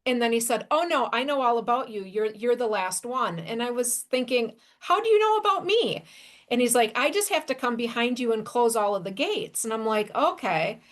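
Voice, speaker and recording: Podcast host, female, slightly high voice, animated self-deprecating storyteller. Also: moderate pace, hardly any pauses. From Wisconsin, USA. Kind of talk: casual storytelling.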